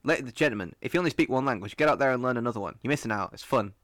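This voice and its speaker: A young man from Rochdale, a joking, teasing podcast co-host who enunciates clearly in casual chat. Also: medium pitch, lively intonation, racing, a bit bright, dry recording, studio quality. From Rochdale, England.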